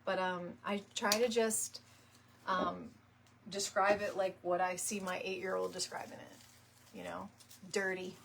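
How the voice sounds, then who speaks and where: A woman's voice: on the low side, level tone, a little slow, gravelly, fairly bright tone, a little hiss or hum. A woman, chatting casually and laughing often as she makes a wreath live and greets viewers by name. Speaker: wreath-making live stream host. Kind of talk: casual chat while crafting on a live stream.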